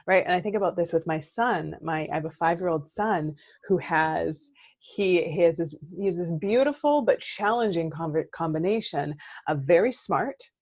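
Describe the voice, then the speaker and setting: A woman in her thirties, a therapist and coach, talking in a casual podcast chat. She is animated and keeps checking in with "right?". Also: lowish voice, normal speed. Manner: animated, says "right?" often, acts out quoted outbursts.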